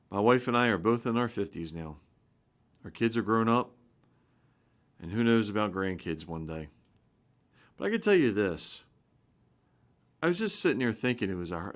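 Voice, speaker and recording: A pastor in his fifties delivers an informal spoken sermon in a lowish, fairly bright voice. He is earnest and rambling, often restarting his sentences and building to rising emphasis.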